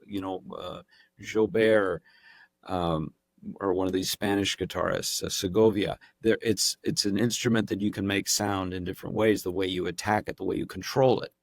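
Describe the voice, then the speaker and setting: A man's voice: deep voice, fairly even intonation, normal speed, gravelly, no echo, clean studio sound. A man guesting on a podcast, talking casually and playfully, slipping into demonstration voices as he explains. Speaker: actor and impressionist guest.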